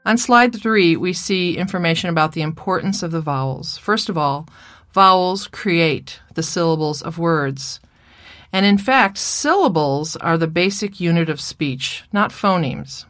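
Measured woman lecturing on speech therapy. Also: fairly low pitch, expressive, a bit bright, dry recording, clean studio sound. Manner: clear, measured teaching voice with playful child and mother impressions. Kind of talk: recorded lecture presentation.

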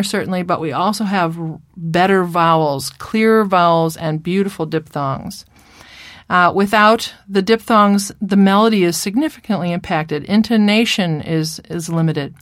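A woman's voice: mid-range voice, a little slow, a bit bright, no echo, studio quality. A middle-aged woman speech therapist giving an instructional lecture, modeling a child's speech errors as she goes.

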